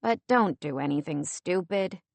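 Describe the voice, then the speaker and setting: A woman's voice: lowish voice, animated, measured pace, gravelly, no echo. Woman reading a pressing, worried boyfriend. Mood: insistent. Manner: pressing, then gently pleading. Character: insistent grown man, a worried boyfriend.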